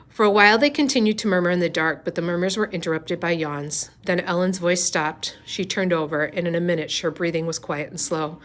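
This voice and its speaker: Lady reading a book chapter out loud, lowish voice, easy pace, stumbles now and then. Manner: unhurried, with small slips and restarts. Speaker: reader. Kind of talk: reading a novel aloud.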